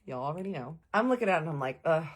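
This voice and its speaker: A woman telling a casual storytime to viewers, animated and acting out the quoted lines. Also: low voice, racing. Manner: addresses viewers as "y'all".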